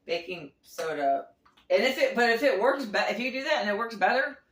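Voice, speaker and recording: A woman's voice: fairly high pitch, lively intonation, a little fast, fairly bright tone, echoey room. A woman chatting casually through a home recipe demo, rambling with frequent restarts and little laughs. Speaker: home cooking vlogger. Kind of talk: casual kitchen demo chat. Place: home kitchen.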